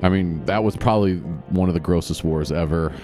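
A man hosting a loose solo podcast, talking in a lowish voice that rambles, stops and restarts. He swears offhandedly as he goes. Soft guitar music sits faintly underneath. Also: a little fast. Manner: rambling, self-correcting, casual swearing. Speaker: podcast host. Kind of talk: casual solo podcast recap.

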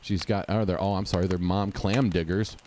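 A man's voice: low voice, steady tone, brisk, a little mellow, a little hiss or hum. A man giving sarcastic, mocking play-by-play of a game show rerun, talking back at the screen. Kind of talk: casual sarcastic play-by-play commentary.

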